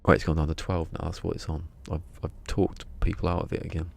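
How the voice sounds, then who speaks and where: Guy streaming a game, deep gravelly voice, rambling and joking at himself. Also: little pitch movement, fast. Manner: rambling, self-mocking banter. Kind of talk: casual live-stream chat.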